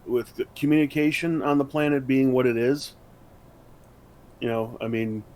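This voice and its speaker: A man's voice: medium pitch, fairly even intonation, normal speed, darkish tone, a little hiss or hum. A man co-hosting a podcast in casual chat, rambling with many fillers and restarts. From United States. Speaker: podcast co-host.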